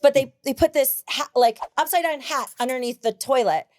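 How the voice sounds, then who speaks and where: High-voiced woman hosting a podcast. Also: moderate pace, darkish tone, dry recording, studio quality. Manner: blunt, profane, laughs often. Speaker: podcast host. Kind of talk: casual podcast chat.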